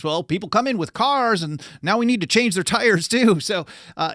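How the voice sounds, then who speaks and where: A man's voice: high-pitched, fairly bright tone, no room sound, clean studio sound. A man hosting a talk show, explaining history in a conversational way, reading quotes aloud with frequent fillers and self-corrections. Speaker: podcast host.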